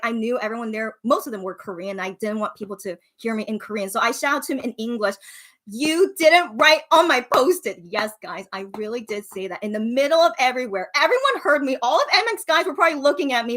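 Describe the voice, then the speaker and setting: A young woman chatting casually and telling a story in an animated way, full of fillers like "you know" and "okay". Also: fairly high pitch. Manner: animated, filler-heavy, frequent 'you know' and 'okay'.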